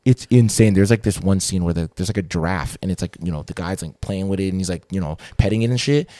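A young man co-hosting a podcast, telling animated, slangy stories in casual chat and swearing freely. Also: low-pitched, fast talker, no room sound. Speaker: podcast co-host.

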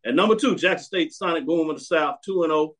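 High-voiced blunt man hosting a sports show. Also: fast talker, fairly bright tone. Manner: blunt, emphatic, repeats commands. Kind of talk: opinionated casual commentary.

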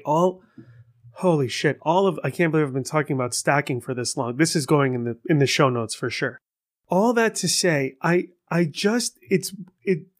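Guy podcasting solo, kinda high voice, rambly and sweary, tells stories with lots of energy. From Persian heritage. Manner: rambling, profane, animated storytelling. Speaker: podcast host. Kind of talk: casual solo podcast monologue.

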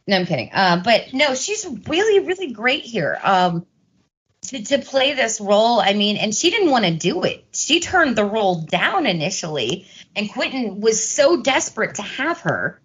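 A woman co-hosts a casual film-discussion podcast, cursing freely and acting out scenes with quoted voices. Her medium-pitched voice is sing-song, a bit bright and husky, at a normal speed.

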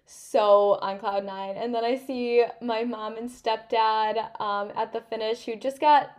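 A woman's voice: on the high side, unhurried. A young woman in her twenties hosting a podcast, telling a story in a casual, emotional way, full of "like" and "literally". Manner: animated, emotional, heavy use of "like" and "literally". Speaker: podcast host.

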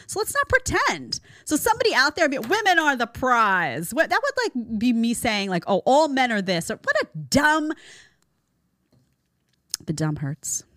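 A woman's voice: high-pitched, wildly swooping pitch, moderate pace, bright, forceful tone, no echo. A woman hosting a podcast, giving opinionated commentary in a sarcastic tone and mocking people with impressions, recorded on a studio mic. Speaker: podcast host. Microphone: studio microphone.

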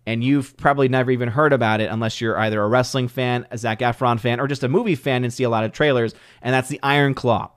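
A man's voice: medium pitch, steady tone, quick pace, few pauses, no echo, studio quality. A man in his thirties hosting a live stream, chatting casually and answering viewer comments, rambling with frequent restarts.

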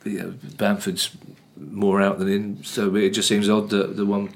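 A man's voice: lowish voice, monotone, measured pace. A man co-hosting a football podcast, talking casually with opinionated, teasing remarks and frequent restarts. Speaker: podcast co-host.

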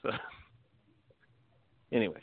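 Speaking slowly on a dry recording that sounds tinny like a phone, a man holds a casual, blunt conversation. He swears without restraint and laughs frequently as he makes his case.

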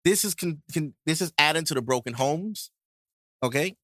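New guy on a podcast, joking loud and crude, super animated voice, dry mic. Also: fairly high pitch, moderate pace, no echo. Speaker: podcast co-host. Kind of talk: casual podcast chat.

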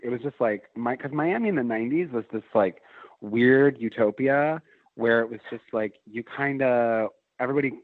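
A middle-aged man tells a long story, rambling and restarting as he goes. His voice sits at an ordinary pitch. The sound is thin and tinny like a phone line, and very dry. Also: normal speed, no room sound. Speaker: guest. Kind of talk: casual storytelling chat.

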